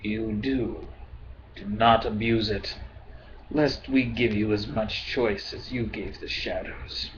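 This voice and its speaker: A cold, patient alien manipulator speaks quietly and very slowly, as a man voices him. The voice is low and set back, with an unsettling calm. The recording is dull and lo-fi, with faint hiss.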